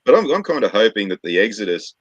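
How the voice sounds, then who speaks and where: Man in his forties, very low voice, sweary and blunt, dull dry mic; casual stream co-host. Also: very animated, fast, dry recording. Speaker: podcast co-host. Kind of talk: casual crude chat.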